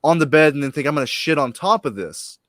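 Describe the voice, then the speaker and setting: A man hosting a podcast, chatting casually and swearing a lot. His pitch swings widely as he talks, and the sound is dry with no room echo. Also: quick pace. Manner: animated, profane, joking. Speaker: podcast host. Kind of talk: casual chat.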